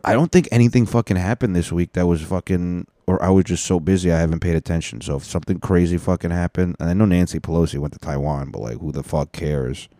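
A man's voice: sits low, fast, hardly any pauses, warm tone, no echo, clean studio sound. A young man hosting a solo podcast, talking in a loose, profane, rambling way. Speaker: podcast host.

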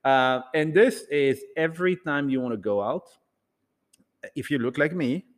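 A man telling a rambling, animated story to an audience in a casual talk, acting out bits of dialogue. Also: on the high side, a little slow, big-room sound. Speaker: speaker addressing an audience.

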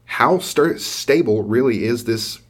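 A man from Georgia co-hosting a tabletop gaming podcast, chatting casually with jokes and halting restarts. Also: mid-range voice, lively intonation, slightly rough. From Georgia, USA. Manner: joking, self-deprecating, halting with restarts. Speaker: podcast co-host. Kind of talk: casual chat.

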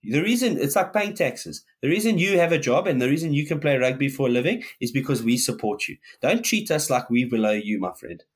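A man's voice: mid-range voice, animated, a little fast, few pauses, slightly rough. A man, co-hosting a podcast, ranting heatedly in casual chat and swearing often. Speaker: podcast co-host.

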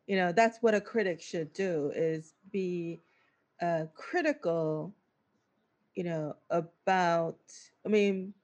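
A casual interviewer who asks things slowly and hesitantly. The pitch rises and falls freely, and the questions pause on fillers. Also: animated, darkish tone.

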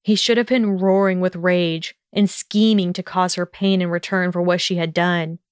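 Smooth-voiced woman narrating a story. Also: fairly low pitch, fairly even intonation, moderate pace, dry recording. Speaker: audiobook narrator. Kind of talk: scripted narration of fan fiction.

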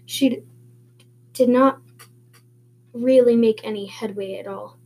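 A woman's voice: fairly high pitch, steady tone, unhurried, dark tone, breathy edge. A woman reading a novel aloud, stumbling and restarting often. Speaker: reader.

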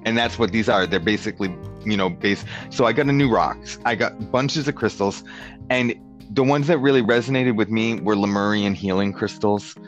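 A man's voice: on the low side, normal speed. A man telling a story in casual chat, rambling and peppering it with "like", slipping into other people's voices when quoting them. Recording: dull lo-fi sound with faint guitar music.

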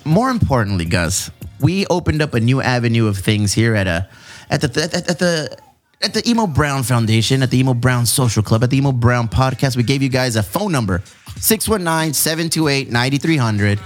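A man hosting a casual podcast, slangy and rambling, with an animated way of talking. Faint music plays behind him. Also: mid-range voice, fairly quick. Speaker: podcast host. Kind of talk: casual chat. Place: brewery.

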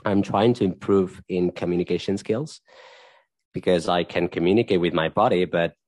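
A man's voice: low-pitched, normal speed, a little mellow, dry recording. A man speaking as a podcast guest in a casual interview, thoughtful and searching for his words as he talks. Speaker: podcast guest, tech executive and dance teacher.

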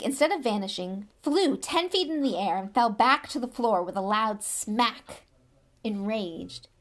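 A woman reading a novel aloud with lively, expressive storytelling. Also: mid-range voice. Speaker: reader.

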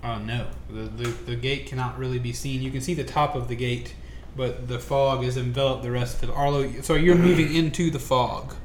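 Man, tabletop GM, halting narration, roomy echo and faint room noise. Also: mid-range voice, steady tone. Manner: hesitant, filler-heavy narration. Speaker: game master.

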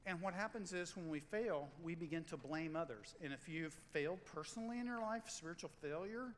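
A man preaching a sermon as pastor, in a conversational, animated way, acting out quotes and stories. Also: on the high side, brisk, in a large hall, a little hiss or hum, poor audio.

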